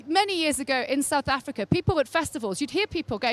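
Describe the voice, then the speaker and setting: A woman's voice: high voice, lively intonation, fast. A woman from England teaching a beer tasting class into a handheld microphone, chatty and wry with asides to her group. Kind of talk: informal tasting class talk. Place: tasting session with a live group.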